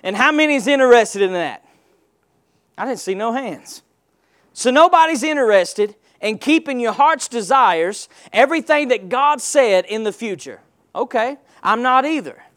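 High-voiced preacher with lilt. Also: male voice, expressive, measured pace, a bit bright. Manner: call-and-response preaching, rhetorical questions. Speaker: pastor. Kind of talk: sermon.

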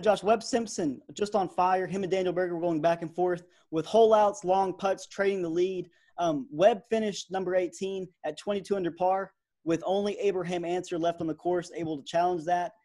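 A young man in his twenties co-hosting a podcast, chatting in a relaxed way with lots of fillers. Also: sits high. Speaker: podcast co-host. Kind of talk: casual sports podcast chat.

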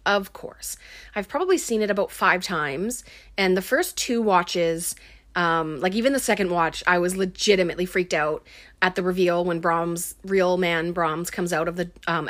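A woman's voice: fairly low pitch, moderate pace, a bit bright. Casual woman recapping a movie, full of fillers. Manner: filler-heavy, lots of um and like. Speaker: film recap host.

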